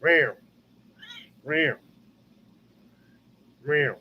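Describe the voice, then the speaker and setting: A gentle, cooing voice coaxes a pet cat with baby talk and little meows, as a man puts it on. It sits high and stays quiet and tender. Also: drawn-out words, muffled recording, slight background noise. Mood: coaxing. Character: cutesy voice talking to a pet cat.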